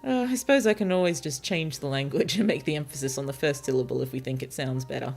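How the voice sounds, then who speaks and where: Woman, very low voice, gravelly, hesitant musing, faint music and typing behind. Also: fast. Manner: musing, hesitant, with frequent fillers and soft laughs. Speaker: virtual author streamer. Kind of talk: casual thinking-aloud livestream while writing.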